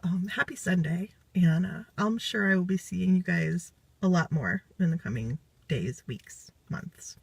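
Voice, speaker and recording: A woman's voice: lowish voice, normal speed, gravelly, husky, no room sound. A woman giving an emotional live video testimonial after a retreat, swearing freely and close to tears. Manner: swearing, intense, near tears.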